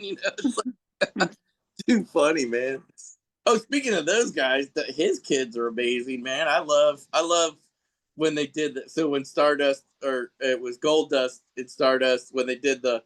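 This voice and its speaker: A middle-aged man guests on a podcast, chatting casually and rambling through his stories with frequent laughs and imitations of the people he quotes. His mid-range, slightly bright voice keeps a measured pace.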